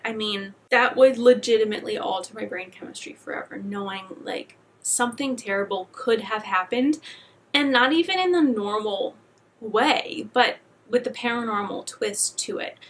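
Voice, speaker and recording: A woman's voice: mid-range voice, a bit bright, slight background noise. A woman host giving reflective, conversational commentary on a video clip. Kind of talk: commentary on clips.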